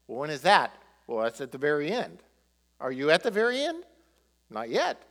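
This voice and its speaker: A male pastor preaching a sermon, animated, throwing rhetorical questions at the congregation. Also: a little high, moderate pace, in a large hall.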